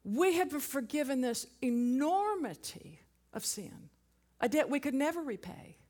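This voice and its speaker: High-voiced woman preaching a sermon. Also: animated, measured pace, a little mellow. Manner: emphatic, rhetorical questions to the congregation.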